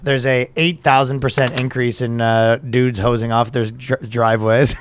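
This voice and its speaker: A man's voice: medium pitch, little pitch movement, moderate pace, slight background noise. Profane man riffing on a podcast. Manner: profane, riffing, mocking imitations. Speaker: podcast co-host. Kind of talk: casual comedic podcast banter.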